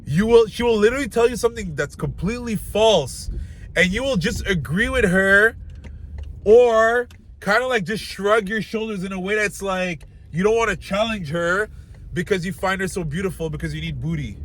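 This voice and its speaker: A man's voice: sits high, moderate pace, a bit bright. A young man giving blunt dating advice straight to the camera in loose, casual talk full of filler words.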